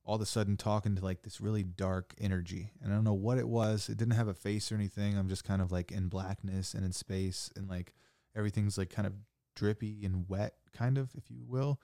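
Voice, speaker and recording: A young man telling a wild story in casual chat, saying "like" a lot and swearing freely, getting animated. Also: on the low side, fairly quick, no room sound, clean studio sound. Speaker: podcast guest.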